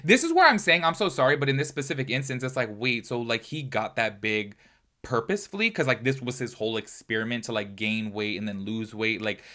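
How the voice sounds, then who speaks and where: A man's voice: mid-range voice, a little fast. A man giving casual reaction commentary at home, reading an article aloud and breaking in with chatty, exclaiming asides. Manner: chatty and expressive, often exclaiming, with frequent fillers. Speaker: commentary YouTuber.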